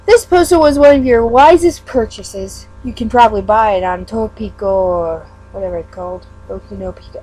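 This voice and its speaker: A woman's voice: mid-range voice, moderate pace, few pauses, warm tone, soft background music, poor audio. A woman giving a casual read-aloud of a webcomic. She stumbles over words and breaks off into self-mocking asides. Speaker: fan reader.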